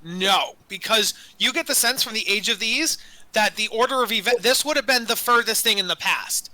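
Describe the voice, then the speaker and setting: A man running a tabletop game as dungeon master, narrating in a rambling way, full of fillers and quick self-corrections. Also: high-pitched, pushed and bright, dry recording, poor audio.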